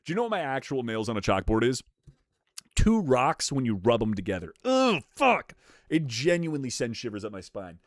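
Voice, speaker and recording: A man's voice: medium pitch, big pitch swings, fairly quick, no echo, clean studio sound. A young man streaming live, chatting casually with his chat, swearing freely and laughing often. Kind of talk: livestream chat reaction.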